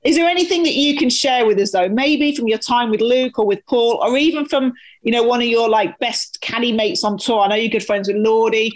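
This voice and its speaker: A woman's voice: a little high, poor audio. A woman hosting a casual interview, asking teasing questions in a chatty way with many restarts. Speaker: host.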